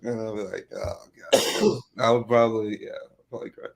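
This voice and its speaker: A man's voice: on the low side, fairly even intonation, quick pace, gravelly, background noise. A man co-hosting a casual live podcast, laid-back and laughing often as he acts out imagined dialogue. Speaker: podcast co-host. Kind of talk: casual chat on a live stream.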